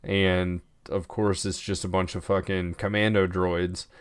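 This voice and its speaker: A man with a lowish, smooth voice co-hosting a casual podcast, swearing freely as he recaps scenes and acts out lines. He is close on the mic in a dry space with no echo. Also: flat delivery, unhurried. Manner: swears a lot, retells scenes with acted-out lines. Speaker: podcast co-host. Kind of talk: casual chat.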